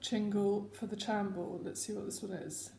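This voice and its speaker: A woman's voice: medium pitch, flat delivery, moderate pace, vocal fry, dark tone, a little hiss or hum. A woman hosting her own casual video chat, rambling and self-mocking as she talks at home. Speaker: host. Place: home room. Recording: echoey home room.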